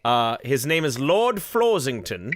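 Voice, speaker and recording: A man's voice: medium pitch, big pitch swings, measured pace, no room sound, studio quality. A man hosting a casual livestream podcast over a video call, chatty, with frequent laughs and restarts.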